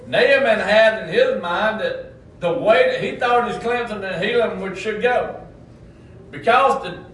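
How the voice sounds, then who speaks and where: A man preaching a sermon, who climbs to loud emphatic peaks and drops low for asides. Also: slight background noise. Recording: roomy, distant mic with faint ambience.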